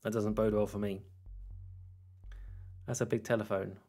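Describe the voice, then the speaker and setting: A man's voice: on the low side, flat delivery, moderate pace, dark tone. A man chatting casually on a live game stream, rambling through viewer questions with easy laughter. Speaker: gaming streamer. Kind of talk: casual live-stream chat while playing.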